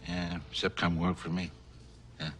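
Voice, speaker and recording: An actor playing a blunt, cornered middle-aged president who talks with a drawl. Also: male voice, low-pitched, level tone, moderate pace, fairly bright tone, slight background noise. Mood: gruff.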